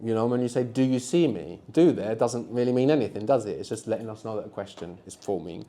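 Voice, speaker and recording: Male language teacher running a live classroom workshop, warm mellow tone, encouraging, keeps checking in with the group. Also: lowish voice, expressive, quick pace. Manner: encouraging, quizzes the group with frequent tag questions. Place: classroom with students.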